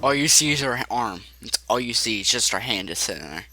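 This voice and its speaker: A man running a role-play game as narrator, playful and quick to put on silly voices. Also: mid-range voice, expressive, sharp tone. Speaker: game master.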